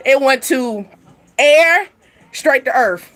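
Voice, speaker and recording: A woman giving a casual, animated tarot reading, laughing often and speaking straight to her viewers. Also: fairly high pitch, moderate pace. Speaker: tarot reader. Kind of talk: livestream card reading.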